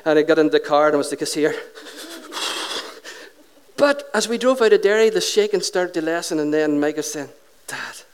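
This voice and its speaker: A man, a pastor telling a lively story in a sermon and acting out the dialogue. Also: fairly high pitch, fast talker, few pauses, clear, resonant tone.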